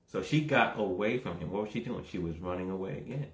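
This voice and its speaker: A man preaching a conversational sermon that starts low and calm and builds into emphatic, raised exhortation. He repeats himself and keeps checking with the listeners. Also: fast, roomy sound. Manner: repeats words, asks the audience "right?".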